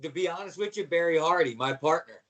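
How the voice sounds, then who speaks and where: Middle-aged ex-wrestler guest from Baltimore, slangy storyteller with a high voice, sitting back from the mic. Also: male voice, quick pace, far from the mic, crowd noise, rough recording. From Baltimore, USA. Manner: animated storyteller, slangy, says "man" a lot. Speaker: podcast guest, former wrestler. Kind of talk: casual storytelling interview.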